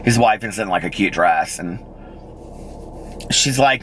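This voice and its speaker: A middle-aged man tells a story in a casual vlog. His voice sits low, and he jumps up in pitch to act out other people. A faint hum runs underneath. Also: a little slow, long pauses, low-quality recording. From United States. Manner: chatty, animated, acts out quoted people in raised voices. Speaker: vlogger.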